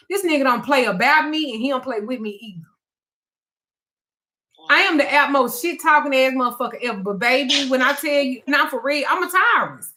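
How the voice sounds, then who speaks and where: A woman hosting a live call-in talk show, telling a personal story in a blunt, profane and animated way. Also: high voice. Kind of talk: casual storytelling chat.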